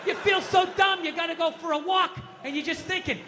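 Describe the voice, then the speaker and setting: A man performing a stand-up comedy routine, ranting and swinging between low mutters and loud shouts. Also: fairly even intonation, a little fast, slight background noise. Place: comedy stage. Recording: live stage with long reverb and faint ambience.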